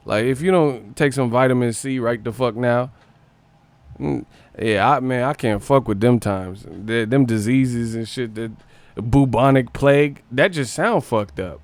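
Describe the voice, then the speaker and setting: A man riffs casually as a livestream host, cursing freely and breaking into laughter. His voice has a gravelly edge at mid pitch. The sound is dry and close. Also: unhurried, no room sound. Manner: profane, joking, laughs often. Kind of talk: casual commentary.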